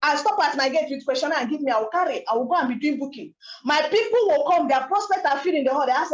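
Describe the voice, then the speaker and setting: High-voiced woman giving a testimony. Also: quick pace, roomy sound, lo-fi sound. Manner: emphatic, animated storytelling with rhetorical questions. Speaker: network marketing speaker. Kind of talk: motivational testimony talk.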